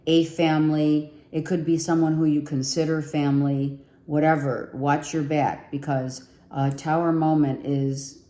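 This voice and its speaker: Woman tarot reader, low and mellow, strained voice, echoey room, unhurried chatty delivery. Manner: chatty, repeats herself, thinks aloud while pulling cards. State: losing her voice. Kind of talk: casual tarot reading to viewers.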